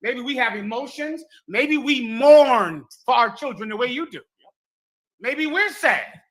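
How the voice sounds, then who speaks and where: A man's voice: extremely high pitch, expressive, unhurried, a crowd in the background. A man speaking in a sermon-like way, using biblical phrasing. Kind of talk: sermon-like commentary.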